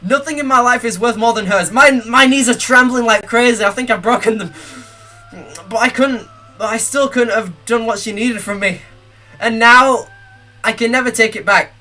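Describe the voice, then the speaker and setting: A young male streamer reads game text aloud in a bright, forward voice, then bursts into jittery, panicky rambling. Soft game music plays faintly behind him. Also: very high-pitched, normal speed. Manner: excitable, panicky outbursts and nervous rambling.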